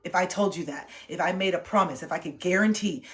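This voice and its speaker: A woman's voice: on the low side, fairly quick, a bit bright. A young woman streams a motivational talk, driving hard at her listeners with repeated questions and plenty of swearing. She sounds intense and preachy, pushing and challenging rather than comforting. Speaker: livestreamer.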